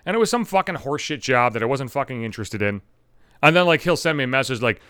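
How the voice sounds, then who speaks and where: A man's voice: medium pitch, animated, fast, fairly bright tone, clean tone, dry recording, studio quality. A young adult man hosting a solo podcast, ranting angrily with heavy profanity. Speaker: podcast host.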